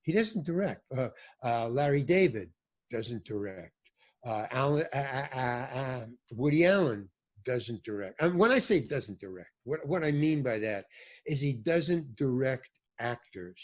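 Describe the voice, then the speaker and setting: An older man, an actor and director, appears as a podcast guest in a casual storytelling interview, telling loose, rambling stories. He interrupts himself and often loses his thread. His voice is medium in pitch, sing-song and unhurried.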